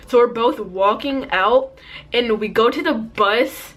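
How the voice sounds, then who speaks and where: A teenage girl telling an animated, slangy storytime, putting on voices for the people in it. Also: on the high side, moderate pace. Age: teens. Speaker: vlogger. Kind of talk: storytime vlog.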